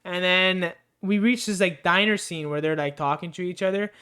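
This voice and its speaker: Casual spoiler recap, rambling delivery, mid-range voice, smooth clear tone, frequent fillers and restarts. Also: medium pitch, fairly even intonation, normal speed, a bit bright. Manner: rambling, loose and unscripted, with many fillers, restarts and swearing. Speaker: movie reviewer.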